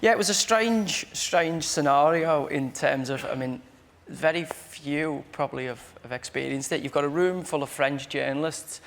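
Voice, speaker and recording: A man's voice: a little high, moderate pace, creaky, few pauses, a bit bright, in a large hall. A man in his thirties with a Merseyside accent, chatting as a guest on a talk show, rambling and restarting his sentences. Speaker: guest, footballer. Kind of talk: casual chat show talk.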